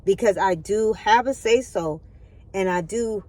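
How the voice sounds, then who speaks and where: A woman's voice: medium pitch, a little slow, darkish tone. A woman giving a spiritual motivational talk into her phone, earnest and preachy, often checking in with her listeners. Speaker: spiritual vlogger.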